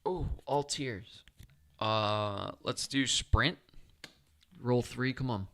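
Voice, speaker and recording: A man's voice: medium pitch, extremely slow, a bit bright, a little hiss or hum. A man talking himself through a solo board game playthrough, chatty and upbeat as he explains each move.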